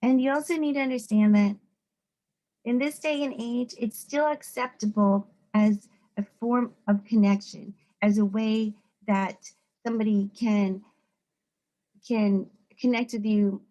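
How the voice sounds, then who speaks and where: Speaking unhurriedly in a fairly high voice, a psychologist from the United States talks informally to students. She's animated and conversational, often imitating others' voices, and the recording is rough.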